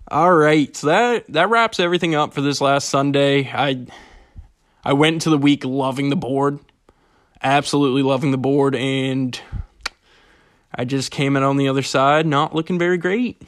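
A man's voice: on the high side, dry recording, studio quality. A young man hosting a casual solo sports betting podcast, ranting profanely and mocking himself. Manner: profane, self-mocking, animated rants. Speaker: podcast host.

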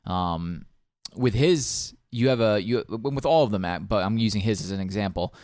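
A young podcast co-host speaks at normal speed in a low-leaning, slightly mellow voice, with clean studio sound and no echo. He rambles casually about video games, stumbling into lots of ums and restarts.

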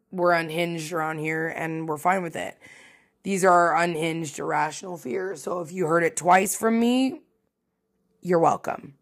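Woman podcaster, kinda low voice, rambling casual and swears a lot, laughs at herself. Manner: chatty, swearing, self-mocking and animated. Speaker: podcast host. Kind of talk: casual solo podcast monologue.

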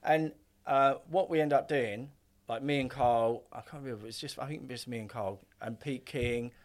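A man's voice: mid-range voice, moderate pace. Rambling, swearing middle-aged man. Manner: rambling, heavy filler use, swears freely. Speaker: podcast guest. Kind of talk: casual storytelling chat.

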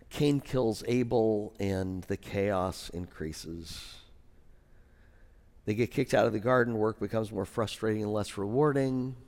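A man pastor preaching a sermon in a conversational way, with wry asides and quieter serious points. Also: fairly low pitch, long reverb tail.

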